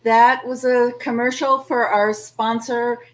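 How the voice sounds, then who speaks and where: A woman's voice: on the high side, little pitch movement, takes it slowly, rough recording. Woman, event host, casual, effusive thanks, introducing the next artist. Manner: warm thanks and gushing praise. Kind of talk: hosting a virtual art fair.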